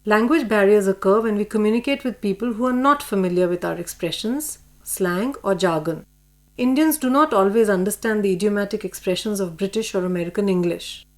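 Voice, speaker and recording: A woman reading a scripted course lesson, with slow, carefully enunciated pronunciation drills. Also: medium pitch. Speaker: course audio reader. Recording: faint mains hum.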